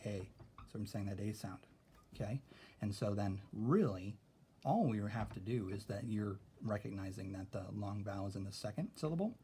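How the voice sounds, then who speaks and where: A patient male teacher walks a class through a phonics lesson, stretching out each vowel sound as he goes. His voice sits a little low and mellow. Faint room noise runs under it.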